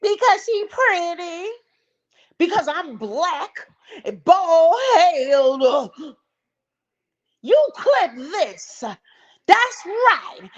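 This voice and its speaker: A woman doing a mocking impression of a shrill, bitter, petty woman, loud and drawn out, on a dull lo-fi recording. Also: sing-song, drawn-out words, long pauses, heavily acted.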